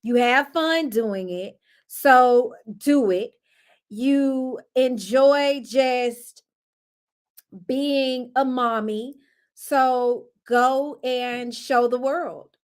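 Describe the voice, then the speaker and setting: Young mom vlogging, high pitched, talks slow and chatty, laughs a lot. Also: female voice, smooth. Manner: chatty, laughs often, talks to her kids mid-sentence. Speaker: vlogger and mother. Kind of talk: casual chat to camera.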